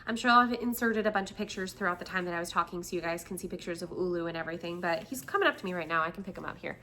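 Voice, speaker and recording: A woman's voice: lowish voice, very fast, bright, forceful tone, a little hiss or hum. A woman in her thirties from the United States, chatting casually to her viewers, giggly and full of fillers. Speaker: vlog host.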